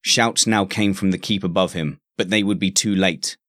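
A man narrating a story in a steady, scripted reading. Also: low voice, moderate pace, no echo, studio quality.

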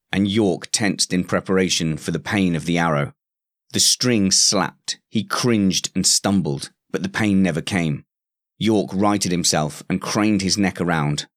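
A man narrating a story in a steady, scripted reading. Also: deep voice, no room sound, studio quality.

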